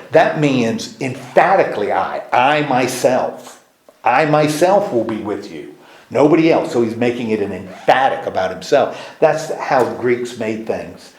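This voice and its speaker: A man at a medium pitch leads a Bible study group in a loose, conversational teaching style. He circles back, restarts his sentences and keeps asking the group questions. The sound is roomy, with an echo off the walls. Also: a little mellow. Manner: explains at length with many restarts and asks the group questions. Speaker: pastor leading a Bible study. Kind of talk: informal teaching discussion. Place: church meeting room. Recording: echoey room.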